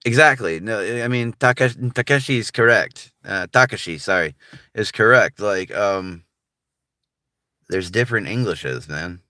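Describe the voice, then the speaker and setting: A man's voice: lowish voice, unhurried, pushed and bright, no room sound, clean studio sound. A man with a General American accent, chatting casually on a livestream in a laid-back, rambling way full of filler words. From United States.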